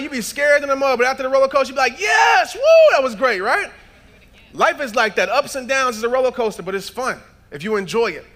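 A motivational speaker in his thirties delivers a keynote in a large event hall, using a handheld stage mic. His voice sits high for a man and rings bright and forceful as he tells stories through acted-out dialogue before climbing to shouted, preacher-like peaks.

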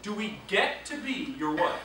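A male sales trainer leading a classroom training session, energetic and quizzing the class with questions. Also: high-pitched, moderate pace. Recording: echoey room, distant mic, background noise.

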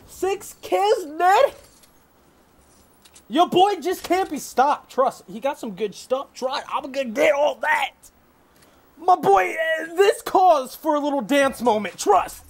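A young man calls out his own gameplay with a very high, bouncy voice that swoops up and down. He takes his time with the words, bragging and hyped, and breaks into yells when things go his way. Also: expressive, unhurried, gravelly. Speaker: gamer. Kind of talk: live gameplay commentary.

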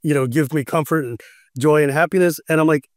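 A man hosting a casual podcast in a slightly higher voice, recorded dry with no room sound. He tells stories with animation and laughs often. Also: quick pace, dry recording. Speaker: podcast host.

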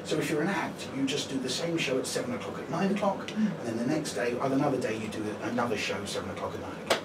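A man's voice: medium pitch, fast talker. A man doing a chatty stand-up set, tagging his lines with 'right?'. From Brighton, England. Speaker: stand-up comedian. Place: comedy venue. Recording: echoey live venue, distant mic, audience noise.

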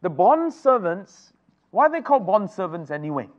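A man's voice: high-pitched, sing-song, normal speed. A man teaching a Bible study, often asking the group rhetorical questions. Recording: dull lo-fi recording.

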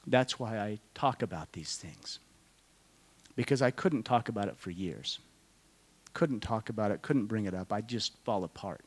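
A middle-aged man speaking to a conference audience, telling a personal story in a slow, halting, deeply emotional way, often dropping to a hush. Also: animated, breathy edge. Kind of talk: personal testimony talk to an audience. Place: conference hall.

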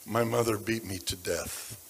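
A man preaching a sermon, telling stories about people from his congregation, dropping to a hush and then rising to loud emphasis. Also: fairly low pitch, fairly even intonation, unhurried, vocal fry, slightly rough. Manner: dramatic shifts between hushed and loud. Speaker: pastor. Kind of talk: sermon storytelling. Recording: long reverb of a large hall.

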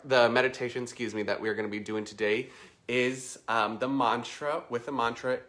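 A man teaching yoga, guiding a breathwork and meditation class in a calm, unhurried way that slows way down when he repeats the mantra. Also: medium pitch. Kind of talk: guided meditation instruction.

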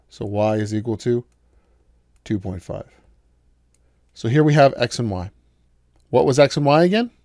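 A male math lecturer walks through a problem at a patient, steady pace, pausing to quiz his students. His voice sits at an ordinary middle pitch. The recording is dry and close, with no room sound. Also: no room sound. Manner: patient, explains step by step with questions to students.

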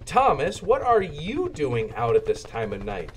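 A man's voice: fairly high pitch, wildly swooping pitch, a little slow, far from the mic, slight background noise. A man voicing a friendly, amused male helicopter in a storybook reading.

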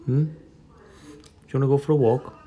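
A man's voice: medium pitch, steady tone, brisk, warm tone, highs cut off. A man talking to his pet dog at home in a coaxing, sing-song tone. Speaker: pet owner.

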